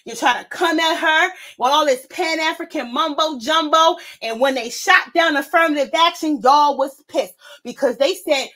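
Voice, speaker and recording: A woman's voice: high-pitched, moderate pace, few pauses, sharp tone. A woman hosting a vlog, delivering a heated, profane, confrontational rant. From United States. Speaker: vlog host. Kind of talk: ranting commentary monologue.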